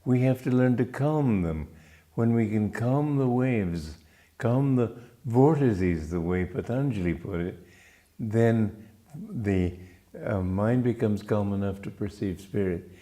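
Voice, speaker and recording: The speaker is a man from Romania teaching on spiritual matters, his pitch fairly low and his delivery expressive. The talk is gentle and reflective, never rushed, with minor restarts along the way.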